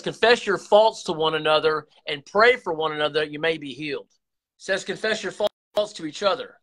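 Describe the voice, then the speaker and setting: Man, confessional vlog talk, bright tense voice, slightly high, rambling restarts. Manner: rambling, earnest, many restarts and repeated words. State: emotional, close to tears. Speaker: YouTube channel host.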